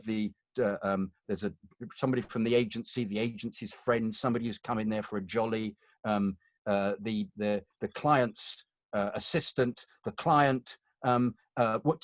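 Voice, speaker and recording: Man, British accent, middle-aged, storytelling, acts out quotes, medium pitch, dry. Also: steady tone, normal speed, dry recording. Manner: chatty, self-mocking, acts out quotes. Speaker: voiceover artist. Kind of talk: conversational anecdotes.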